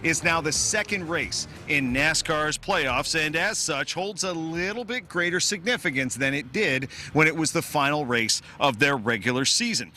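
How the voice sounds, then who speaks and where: A man's voice: on the high side, sharp tone, a little hiss or hum. A man hosting a local TV racing preview, with polished presenter delivery. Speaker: TV sports host. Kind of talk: broadcast interview and narration.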